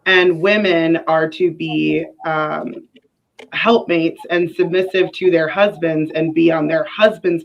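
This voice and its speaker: A woman on a discussion panel, explaining her view firmly and calmly. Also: low-pitched, slow, vocal fry, highs cut off. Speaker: panel guest. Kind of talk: casual panel debate.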